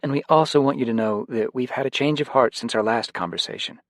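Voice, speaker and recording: A loving mother, soft and reassuring, in a voice lifted somewhat higher, as a man reads her lines. She speaks to her daughter tenderly and earnestly. The recording is dry and close. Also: fast talker, no echo, close to an everyday voice. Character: gentle, loving mother of a schoolgirl.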